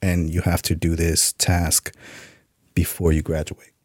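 Deep husky man telling a story. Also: level tone, measured pace, a little mellow, no echo, clean studio sound. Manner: laid-back, profane, full of "you know what I'm saying". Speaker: podcast guest, author and Army veteran. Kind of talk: casual storytelling interview.

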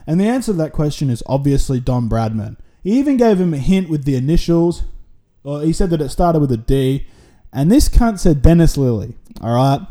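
A man's voice: fairly high pitch, big pitch swings, a little fast, mellow. A man with an Australian accent hosting a solo podcast, rambling through a casual, sweary monologue full of tangents. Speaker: podcast host.

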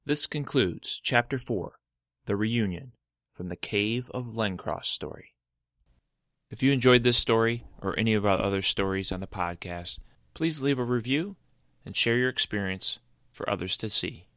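A man reading a scripted podcast outro in a measured way. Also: fairly low pitch, lively intonation, fairly bright tone, dry recording, clean studio sound. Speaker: podcast host.

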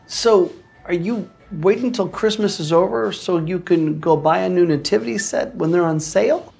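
A man playing a gravelly, pushy neighbor. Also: sits high, normal speed, darkish tone, soft background music. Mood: curious. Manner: insistent, prodding questions. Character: pushy, curious male neighbor named Ed. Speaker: actor in a church skit.

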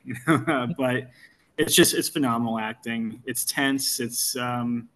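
A man's voice: medium pitch, fairly even intonation, a little slow, bright, forceful tone. A man joining a casual film podcast. He agrees readily and talks hesitantly, with many "um"s and "yeah"s.

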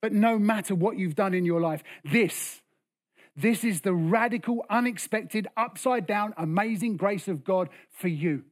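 A man preaching a sermon with passion, rising to loud bursts and dropping to hushed lines. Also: sits high, measured pace. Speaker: pastor.

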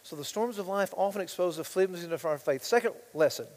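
A male pastor preaching a sermon, swinging between hushed asides and loud, impassioned passages, reading scripture aloud with rising intensity. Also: high voice, quick pace, hardly any pauses, long reverb tail.

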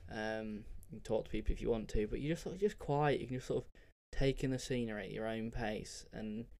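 A young podcast host tells travel stories solo, loose and candid, swearing and filling his speech with fillers. His voice is on the low side and a little mellow, with vocal fry and a brisk pace.

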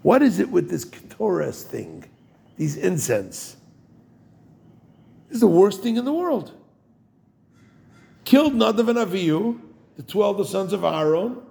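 Gravelly, husky-voiced rabbi. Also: male voice, high-pitched, very animated, a little slow, long pauses, dark tone. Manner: jokey, digressive, asks listeners questions. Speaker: rabbi giving a short Torah talk. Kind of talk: informal Torah talk.

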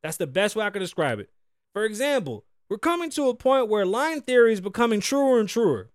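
A man in his thirties talks through his solo podcast in a loose, profane, joking way. His voice sits high for a man and leaps up and down with every riff. The sound is dry and close, with no room around it. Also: sing-song, a little fast, dry recording. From United States. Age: 30s. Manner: loose, profane, joking rants with big swings. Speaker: podcast host. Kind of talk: casual solo podcast chat.

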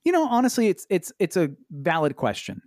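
Animated, exasperated man telling a story. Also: fairly quick, no echo, clean studio sound. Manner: animated, exasperated, swears a lot, jumps in pitch. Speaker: podcast co-host. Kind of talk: casual storytelling chat. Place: Los Angeles.

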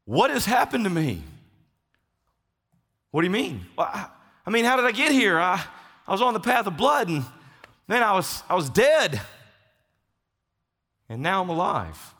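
A man's voice: high-pitched, huge pitch swings, quick pace, few pauses, bright, forceful tone, big-room sound, voice pushed up, exaggerated voice. A man voicing a bewildered man just brought back to life, stammering frantic questions.

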